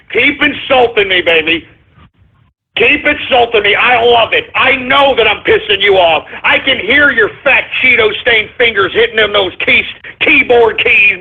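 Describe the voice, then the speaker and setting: A man hosting an internet radio show, taunting his critics with drawn-out shouts and cackling laughter. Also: very high voice, breathy edge. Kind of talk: gloating call-in radio monologue. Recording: dull lo-fi internet radio sound.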